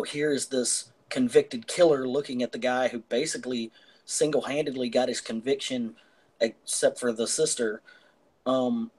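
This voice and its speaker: A man's voice: medium pitch, poor audio. Rambling man recapping a movie. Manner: rambling with many fillers. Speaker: podcast co-host. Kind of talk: casual film discussion.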